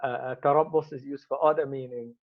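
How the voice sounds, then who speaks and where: A man's voice: medium pitch, steady tone, brisk. A man teaching an Arabic grammar lesson, explaining step by step and repeating each Arabic word as he goes. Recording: slightly muffled lo-fi recording.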